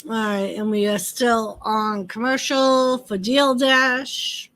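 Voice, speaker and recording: Woman livestream host, unhurried casual wrestling chat. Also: on the high side, flat delivery, a bit bright. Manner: chatty, greets viewers by name, talks to pets.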